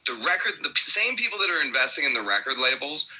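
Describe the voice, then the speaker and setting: A man's voice: a little high, sing-song, fast talker, pushed and bright, breathy edge, rough recording. A man co-hosting a podcast in loose, rambling casual chat, full of restarts, asides and profanity. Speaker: podcast co-host.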